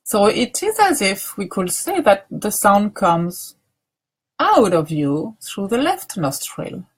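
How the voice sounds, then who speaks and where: A woman teacher leading a guided grounding practice, speaking softly with many pauses and restarts. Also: mid-range voice, sing-song, breathy edge. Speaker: meditation teacher.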